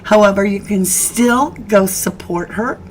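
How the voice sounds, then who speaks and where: A woman hosts a casual live-stream chat at an unhurried, drawn-out pace. Her voice sits in a middle range and she talks chatty and homespun, with a little background hiss underneath. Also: medium pitch, low-quality recording. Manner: chatty, scolding her dogs mid-stream, laughing. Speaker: host of a live true crime chat.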